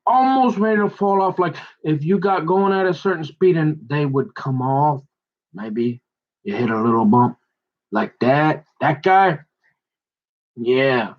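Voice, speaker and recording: In a slightly high voice over dull audio, a man meanders through a long personal story, talking directly to his listener. He restarts often, draws the tale out casually, and keeps checking in with "right?" and "mm-hmm."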